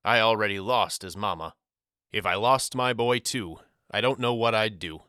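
Male reader as a plain working dad in a storybook, low voice, exasperated but not angry, clear and bright. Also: normal speed, no room sound, clean studio sound. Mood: subdued. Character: frightened widowed father, plain working man.

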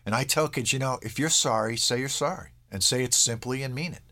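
A man's voice: mid-range voice, pushed and bright. Conversational man explaining to an interviewer. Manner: conversational, acts out quick quoted lines of kids and parents; checks in with "all right?". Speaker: parenting expert.

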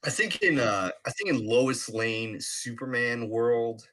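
A man co-hosting a casual comedic chat, laid-back and building absurd bits with quick asides. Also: mid-range voice, animated, a bit bright.

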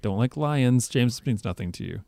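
A man's voice: medium pitch, expressive, moderate pace, creaky, a little mellow, no room sound. A man co-hosting a podcast in a casual chat, given to eager, rambling asides. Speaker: podcast co-host.

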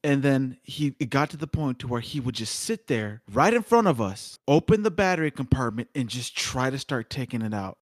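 A man co-hosting a podcast, telling a story in relaxed, casual banter. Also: medium pitch, moderate pace, few pauses, no room sound, studio quality. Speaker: podcast co-host.

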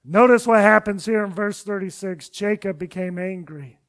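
A man with a high-pitched voice delivers a sermon, retelling scripture passages with dramatic readings of each character. His phrases often sink to a soft, low finish before the next line lifts again. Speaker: pastor. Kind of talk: expository sermon.

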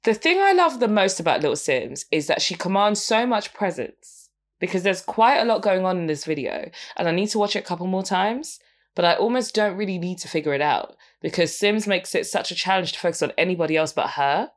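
A young woman talks through music in a loose, candid podcast style. Her voice sits a little low for a woman, and she keeps breaking into laughter as she goes. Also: animated, brisk. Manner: chatty, frank, laughs often between points. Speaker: podcast host. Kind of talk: casual music review commentary.

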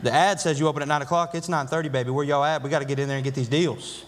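A man's voice: on the high side, steady tone, very fast, hardly any pauses, big-room sound, heavy background noise. A man preaching a sermon as pastor, building emphasis through repeated phrases and acting out quotes from his congregation. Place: church sanctuary.

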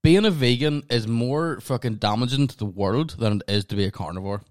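A man's voice: medium pitch, no room sound, clean studio sound. A man with a Northern Irish accent co-hosting a podcast in casual chat, blunt and swearing freely. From Northern Ireland. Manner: blunt, heavy swearing, quick laughs. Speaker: podcast co-host.

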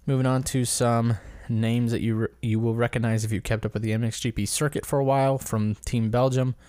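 A man's voice: mid-range voice, little pitch movement, a little fast, darkish tone, clean tone, no room sound, clean studio sound. A man hosting a casual solo commentary episode, rambling and correcting himself as he stumbles over names. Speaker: podcast host.

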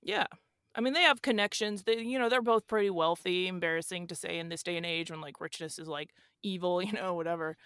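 A woman's voice: lowish voice, brisk, fairly bright tone, smooth, dry recording, studio quality. A woman playing a young, rich, airheaded male influencer who talks in a slangy, rambling, defensive drawl as a guest on a comedy podcast. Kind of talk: improvised comedy podcast sketch.

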